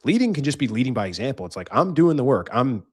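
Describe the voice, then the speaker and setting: A man's voice: medium pitch, very animated, fast, slightly rough, no echo, clean studio sound. Blunt, swearing man podcasting. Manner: blunt, swears freely, acts out quoted voices. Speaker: podcast host. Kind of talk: casual monologue giving life advice.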